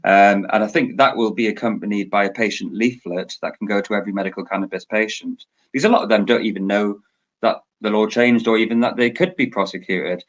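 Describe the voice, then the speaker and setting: A man's voice: on the low side, fairly even intonation, fairly quick, low-quality recording. A man, a podcast guest, explaining earnestly in casual chat.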